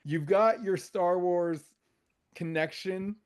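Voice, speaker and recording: A man's voice: high-pitched, slow pace, smooth. Chatty man co-hosting a movie podcast. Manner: enthusiastic, meandering explanations. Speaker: podcast co-host. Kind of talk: casual chat among friends. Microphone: video call.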